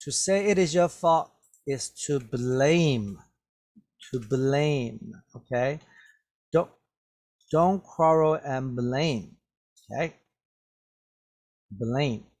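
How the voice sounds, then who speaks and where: A man teaching an English vocabulary lesson, explaining words slowly and checking in with "okay?" after almost every phrase. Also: medium pitch, darkish tone. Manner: repetitive, drawn-out explanations with many "okay?" checks. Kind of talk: slow classroom vocabulary lesson.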